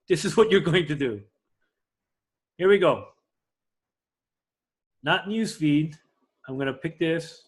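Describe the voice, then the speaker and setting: A man teaching a live class to a room of people, energetic and often checking that everyone is following. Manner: energetic, swings loud and high when excited; asks the room for agreement. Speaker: class instructor.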